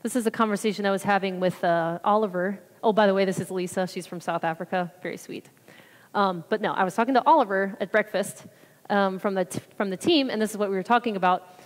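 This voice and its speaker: Woman chatting about a church trip, rambly, mid-pitch voice, big echoey hall. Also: fast. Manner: chatty, rambling, acts out quotes. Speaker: church member giving mission trip report. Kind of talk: casual testimony talk. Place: church sanctuary. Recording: reverberant hall.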